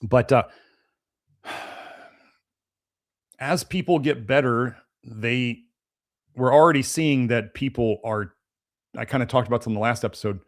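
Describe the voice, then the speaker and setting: A man of average pitch hosts a live-stream Q&A, reading chat questions aloud and answering them off the cuff. He rambles casually, with many fillers and restarts, and sounds a little stuffed up. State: slightly congested, sneezy. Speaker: host of a health podcast.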